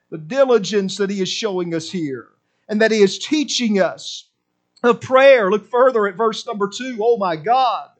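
Passion drives this man's sermon as he swings from loud outbursts to hushed, low asides, repeating himself in an emphatic cadence.

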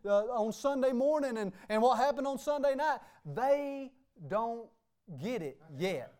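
A man's voice: very high voice, animated, measured pace, a little mellow, clean tone. A man preaching a sermon as pastor, emphatic and repeating "hey" and "okay" between phrases. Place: church sanctuary.

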